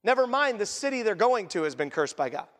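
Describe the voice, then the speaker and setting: High-voiced man preaching in a reverberant hall. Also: sing-song, a little fast. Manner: asks the congregation questions and acts out quotes. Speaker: pastor. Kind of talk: conversational sermon. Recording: long reverb of a large church hall.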